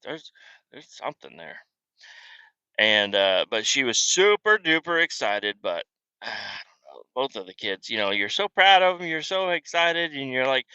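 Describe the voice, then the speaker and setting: A man's voice: medium pitch, sing-song, normal speed, bright, forceful tone, smooth, no room sound, highs cut off. A man hosting a casual podcast, rambling through family stories in a profane, self-deprecating way while on the road. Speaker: podcast host. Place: car.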